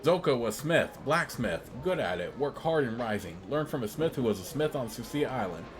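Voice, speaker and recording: A man's voice: medium pitch, animated, normal speed, background noise, natural voice. A man voicing a drunk, angry male blacksmith who grumbles bitterly in broken sentences while reading a game's dialogue.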